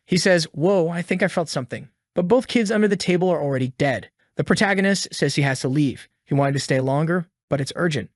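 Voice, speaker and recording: A man's voice: fairly high pitch, quick pace, hardly any pauses, no echo, clean studio sound. A man narrating a story recap in a casual, slangy storytelling manner.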